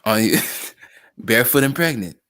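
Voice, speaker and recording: A man's voice: mid-range voice, expressive, unhurried, a bit bright. A man co-hosting a casual chat, joking and laughing often, with stammered restarts. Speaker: podcast co-host.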